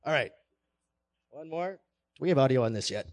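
A man giving a playful live talk on stage, coaxing his audience through pirate-voice warm-ups. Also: mid-range voice, animated, moderate pace. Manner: hammy pirate-voice delivery, coaxing the crowd. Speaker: conference speaker.

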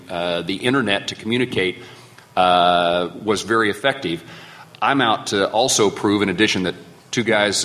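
A middle-aged man, a senator, answering interview questions haltingly, with many fillers and restarts. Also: low-pitched, a bit bright.

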